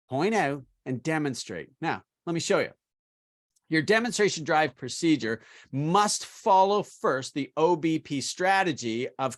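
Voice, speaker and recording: A middle-aged man delivers a sales training lesson in a voice pitched a little high for a man. He coaches with energy and emphasis, often lifting the ends of his phrases. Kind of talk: instructional talk to car salespeople.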